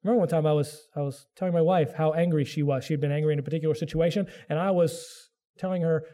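A man's voice: fairly high pitch, fairly even intonation, fast, hardly any pauses, warm tone. A middle-aged man preaching a sermon to his congregation, earnest and direct, who raises his voice to act out people's excuses. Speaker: pastor.

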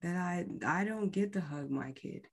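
A woman podcast host slowly recounting a painful personal story, halting and often sinking to a near whisper. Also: on the low side.

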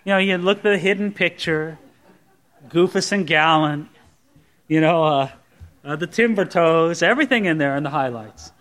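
A man's voice: fairly high pitch, moderate pace, fairly bright tone. A man preaching a sermon, reading scripture and swinging between conversational asides and emphatic, rising declarations. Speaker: pastor.

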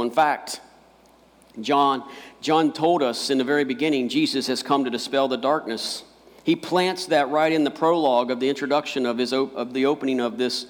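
A man's voice: mid-range voice, big-room sound. A male pastor preaching a sermon, emphatic and repeating key phrases for weight.

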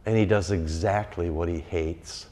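Lively wry preacher in an echoing hall. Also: male voice, sits low, measured pace, a little hiss or hum. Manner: animated, conversational, wry asides. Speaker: pastor. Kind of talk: sermon. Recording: reverberant church hall.

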